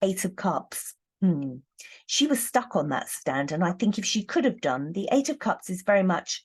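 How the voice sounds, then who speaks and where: A woman reading tarot cards in a casual, thoughtful monologue, pausing often and restarting her sentences. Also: on the low side, sing-song, slightly rough. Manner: thoughtful, hesitant, many ums and restarts. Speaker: tarot reader.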